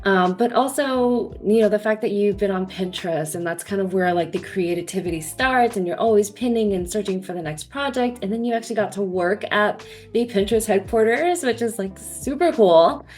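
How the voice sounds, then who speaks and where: A woman's voice: medium pitch, moderate pace, few pauses, a little mellow, soft background music. A young woman hosting a casual interview, gushing and effusive, full of "like" and "um". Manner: gushing, effusive, filler-heavy. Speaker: interview host and course coach.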